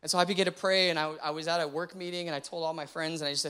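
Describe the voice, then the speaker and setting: A man's voice: on the high side, steady tone, quick pace, fairly bright tone, clear, resonant tone. A young adult man, a pastor, telling a personal story from the pulpit in an earnest, heartfelt way. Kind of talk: personal testimony sermon.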